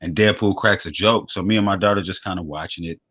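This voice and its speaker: A low-voiced man hosts a casual radio chat, rambling through stories with plenty of swearing and laughter. His voice sits dry and close, and the sound is a little dull and lo-fi. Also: fairly even intonation, fast, a bit bright, no room sound. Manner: loose storytelling, swears, laughs often. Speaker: radio show host. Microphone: studio microphone.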